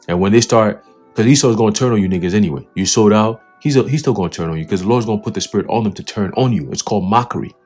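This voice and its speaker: A man with a low, husky voice delivers a heated religious commentary. He reads passages aloud and then tears into them, swearing and laughing scornfully between points. Faint music plays underneath. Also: a little mellow. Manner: profane, scornful, preachy, laughs at his own jabs. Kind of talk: fiery spoken commentary reading from an article.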